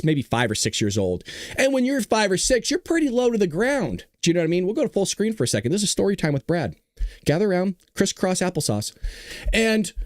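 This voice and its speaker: High, lively-voiced man telling jokey stories. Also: no echo, clean studio sound. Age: 30s. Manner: animated joking storyteller, laughs often. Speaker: host of a political talk show. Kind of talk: casual livestream talk and storytelling.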